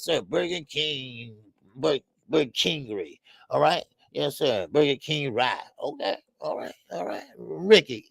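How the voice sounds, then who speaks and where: A man's voice: medium pitch, a bit bright, no room sound. A man hosting a casual boxing livestream, reading out viewer names and talking slangy, loose banter. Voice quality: gravelly.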